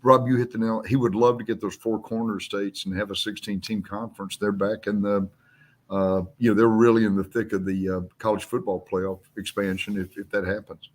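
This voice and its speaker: A man with a fairly low voice chats loosely as a guest on a sports radio roundtable. He breaks up his points with small chuckling asides. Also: flat delivery, brisk. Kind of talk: casual radio roundtable chat.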